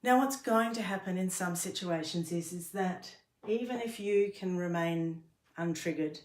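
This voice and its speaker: A middle-aged woman with a low voice gives a workplace training talk. She explains earnestly and patiently, now and then stumbling and restarting a phrase. The room around her rings with a noticeable echo. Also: a little slow, darkish tone. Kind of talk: instructional talk to camera. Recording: roomy echo.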